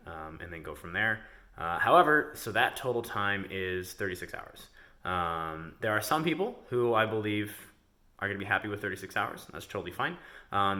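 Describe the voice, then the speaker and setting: A man's voice: sits low, sharp tone. A man who owns a delivery company gives a casual video update to his employees from indoors, rambling with many ums and uhs. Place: indoors in a house.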